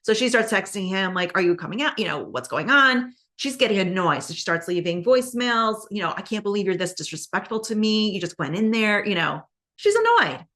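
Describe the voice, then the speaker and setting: A woman hosting a podcast, telling a true-crime story in a casual, chatty way with many fillers and quick acted-out quotes. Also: mid-range voice, sing-song, fairly bright tone. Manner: conversational, many fillers, acts out quoted lines. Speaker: podcast host.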